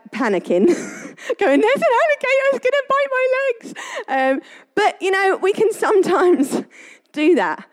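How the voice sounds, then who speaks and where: Woman, high voice, chatty devotional speaker who laughs often. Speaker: Christian speaker. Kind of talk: casual devotional talk.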